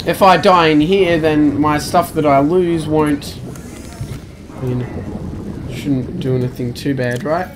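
A man's voice: a little high, slow pace, long pauses, over music. A young man commentating his own gameplay, panicky and exclaiming, talking to himself as he plays. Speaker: let's play gamer.

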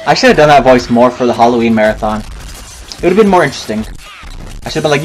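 A man's voice: medium pitch, animated, fast talker, long pauses, slight background noise, poor audio. Chatty, rambling gaming guy. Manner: rambling, chatty, swears at opponents. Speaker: gaming commentator. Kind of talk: casual gameplay commentary.

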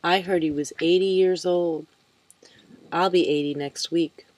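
A woman voicing a cheerful, eccentric woman nearly eighty, chatting brightly and a little louder than her narration. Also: fairly low pitch, steady tone, unhurried. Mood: lively.

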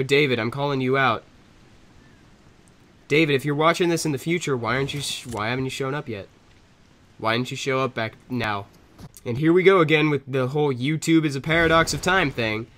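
A man's voice: mid-range voice, fairly bright tone. A young man with a stuffy nose from a cold, giving casual gameplay commentary and chatting at the game and other players.

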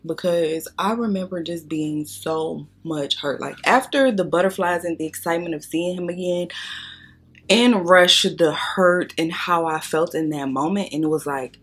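Husky low-voiced woman telling stories. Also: moderate pace. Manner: blunt, profane, animated storytelling; talks straight to viewers. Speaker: makeup vlogger. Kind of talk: storytime chat during makeup tutorial.

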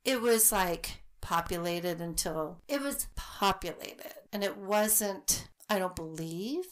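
A woman co-host tells her story at an unhurried pace, giggling and wandering off on tangents. She gets excited easily and breaks into laughter. Her voice sits in the middle range. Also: mid-range voice. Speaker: podcast co-host. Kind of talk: casual chat, storytelling.

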